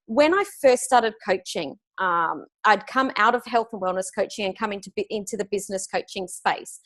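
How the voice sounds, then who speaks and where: A woman's voice: medium pitch, moderate pace, fairly bright tone. A middle-aged woman, a business coach answering interview questions in an upbeat, emphatic way over a video call. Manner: upbeat, emphatic, laughs easily.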